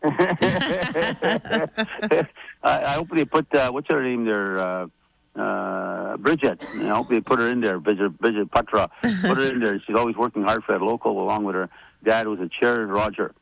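A man giving community updates on the radio in a rambling, halting way, full of fillers and restarts. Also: fairly low pitch, vocal fry, a bit bright, low-quality recording. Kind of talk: casual radio chat.

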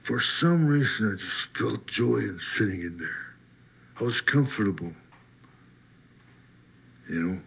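A man slowly telling his personal faith testimony, husky voice, getting lively as he retells being set free. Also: fairly low pitch. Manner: slow storytelling, lively when retelling his release. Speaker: testimony speaker.

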